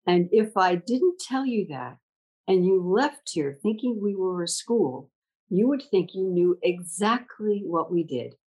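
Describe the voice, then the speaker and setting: In a low-quality recording, an older school leader reflects in conversation, telling animated stories and performing the dialogue within them. She speaks a little slowly in a lowish, slightly rough voice.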